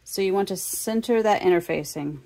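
A woman's voice: medium pitch, brisk, darkish tone. A woman teaching a sewing tutorial, casually talking the viewer through each step. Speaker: sewing instructor.

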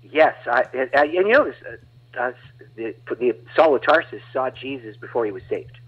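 Man, evangelist guest, dramatic storytelling, raspy voice, dull recording. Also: mid-range voice, normal speed. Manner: animated, dramatic retelling with laughs. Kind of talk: storytelling testimony. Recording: dull lo-fi audio.

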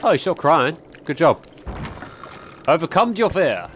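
A man's voice: on the high side, sing-song, unhurried, a little hiss or hum. A young man giving jumpy, exclaiming commentary while playing a horror game and talking to its characters. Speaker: gaming YouTuber.

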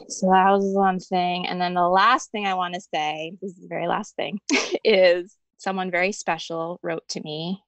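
A woman guest on a podcast speaking earnestly and gently about her own experience. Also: on the low side, steady tone, dry recording. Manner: soft-spoken and earnest, reads a friend's letter aloud slowly. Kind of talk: heartfelt interview talk.

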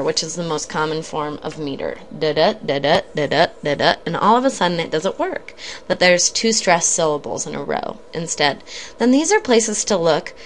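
A woman's voice: on the low side, slight background noise. A woman giving a recorded lecture on reading poetry, explaining in a conversational way with occasional ums and restarts. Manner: conversational, explanatory, frequent ums and self-corrections.

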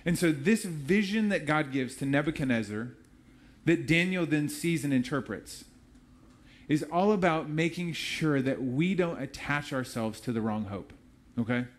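A man's voice: a little high, expressive, unhurried. A man preaching a sermon as pastor, in a conversational, storytelling way with casual asides.

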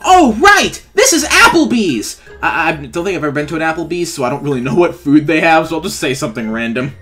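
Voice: mid-range voice, rapid-fire. A gamer giving playful commentary while trolling in an online game, often laughing and acting mock-clueless. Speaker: YouTuber playing a Roblox trolling skit. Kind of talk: gameplay commentary with in-character trolling. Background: faint background music.

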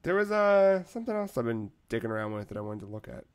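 A man hosting a casual gaming podcast, relaxed and loose, swearing now and then. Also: mid-range voice, fast, clean tone. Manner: laid-back, swears casually. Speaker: podcast host.

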